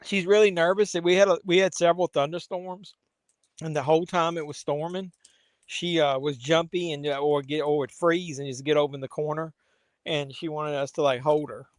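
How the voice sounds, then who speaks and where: A man's voice: on the high side, fairly even intonation, moderate pace, dry recording. A man hosting a casual live watch-along stream, rambling to chat viewers between asides. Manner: rambling, talks to viewers and his pet.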